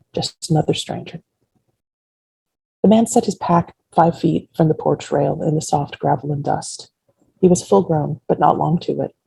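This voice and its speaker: Woman author, fiction reading, very husky, gravelly, dark tone, dry sound. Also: low voice, no room sound, poor audio. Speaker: author reading her novel. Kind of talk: first-person fiction reading.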